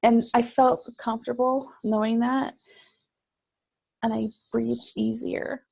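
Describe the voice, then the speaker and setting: A woman guest sharing a personal story in conversation, reflective and halting, with many fillers. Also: a little high, flat delivery, creaky, breathy edge, no echo, muffled recording.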